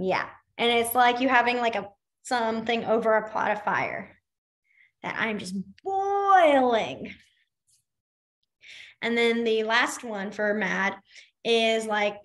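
A woman's voice: on the high side, fairly bright tone. A woman teaching a beginner sign language class in a chatty, demonstrative way, with lots of fillers. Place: library classroom.

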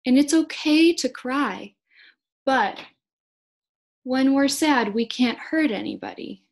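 A speech-language pathology student teacher in her twenties leads a read-aloud lesson for small children. Her slightly high voice is slow, gentle, and encouraging as she speaks to the young kids and keeps coaxing them to join in.

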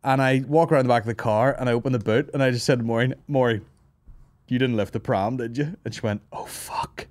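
A man's voice: medium pitch, fast talker, darkish tone, no echo. A Northern Irish man hosting a podcast, telling a rambling comic story, swearing a lot and laughing often, hungover and tired. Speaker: podcast host. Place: office.

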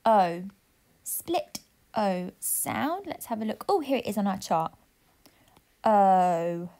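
A woman teacher, slowly sounding out words in a phonics lesson and praising pupils. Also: mid-range voice, sing-song, darkish tone. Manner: slow, clear and encouraging, sounding out letters. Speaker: primary school teacher. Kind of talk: phonics lesson and reading a story aloud.

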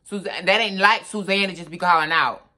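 A man's voice: sits high, brisk. A man telling a story on his vlog in a casual, slangy way, animatedly acting out what people said. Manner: animated, acts out dialogue; slangy, repetitive phrasing. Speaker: storytime vlogger.

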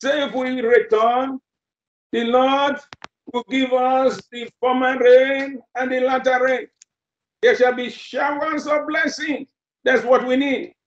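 A man's voice: extremely high pitch, level tone, takes it slowly. A male preacher delivering a sermon, emphatic and repeating phrases for effect. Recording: roomy, dull lo-fi sermon recording.

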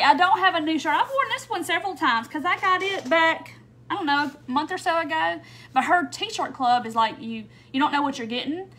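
A woman hosting a craft livestream, chatting casually and greeting viewers by name with frequent "um"s. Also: sits high. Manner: chatty, warm welcomes, frequent little laughs and "um"s.

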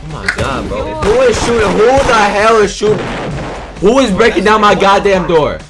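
A man giving loud, profane, excitable commentary while playing a game online. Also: sits high, moderate pace. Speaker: gaming video creator. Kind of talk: gameplay commentary. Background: game music and gunfire.

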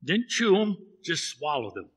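A man with a fairly high, bright, forceful voice preaches a sermon, telling the story with feeling and voicing the characters in turn. His words ring out in a church with a long, lingering reverb. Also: huge pitch swings, a little slow, breathy edge. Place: church sanctuary.

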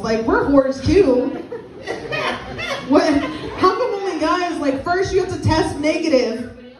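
A young woman performing a stand-up comedy set with crowd work, blunt and crude in a deadpan way. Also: high-pitched. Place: small comedy venue with a live audience. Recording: echoey room, mic at a distance, audience laughter. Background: crowd laughing.

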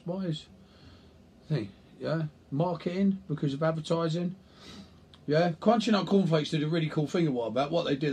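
A man's voice: fairly high pitch, a little mellow, a little hiss or hum. A man, a nutrition coach, talking bluntly and casually to camera, with the odd swear word. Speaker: nutrition coach and personal trainer. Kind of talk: casual talking-head vlog.

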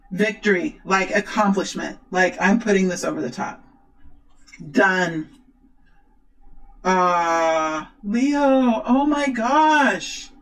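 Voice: medium pitch, poor audio. A tarot reader talking to viewers during a card reading, gushing and exclaiming. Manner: excitable, exclaims and gushes.

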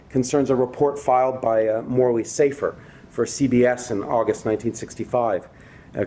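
A man's voice: medium pitch, dark tone, a little hiss or hum. A man giving a university lecture, reading a prepared text and breaking off with conversational asides to the audience. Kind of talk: academic public lecture.

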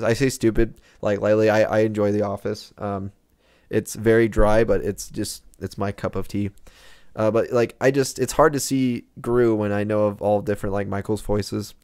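A man's voice: lowish voice, a little mellow, no echo, studio quality. A young man giving casual, rambling commentary while playing a video game, chatty and full of fillers. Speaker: gaming streamer.

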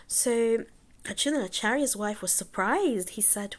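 A woman telling a devotional story in a halting way, with many pauses and restarts. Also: on the high side. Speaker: devotional speaker.

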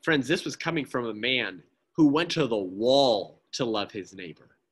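A man's voice: mid-range voice, lively intonation, moderate pace, a bit bright, husky. A man giving an impassioned pro-life talk at a church, speaking emphatically, often asking "right?" and addressing the listeners as friends.

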